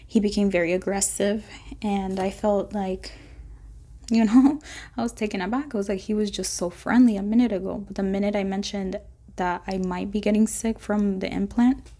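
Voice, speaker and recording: A woman chatting through a storytime vlog with a gravelly, fry-heavy voice. Her tone is mellow and dark, with little rise and fall. She rambles on and acts out little bits of dialogue. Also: mid-range voice, steady tone, moderate pace. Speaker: vlogger.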